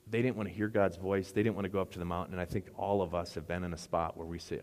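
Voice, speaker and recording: A man's voice: low voice, level tone, quick pace, hardly any pauses, darkish tone, in a large hall. A middle-aged man preaching a sermon as pastor, rambling and conversational with asides.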